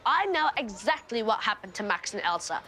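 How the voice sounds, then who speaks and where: A woman's voice: a little high, very animated, brisk, sharp tone. A woman voicing a schoolchild who patiently and matter-of-factly explains what really happened. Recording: music playing underneath.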